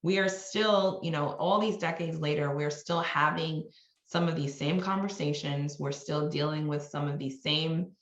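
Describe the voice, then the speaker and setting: A woman's voice: sits low, normal speed, roomy sound, highs cut off. A woman from New York, a marketing executive, speaking as a guest in a podcast interview in a candid, conversational way with frequent restarts.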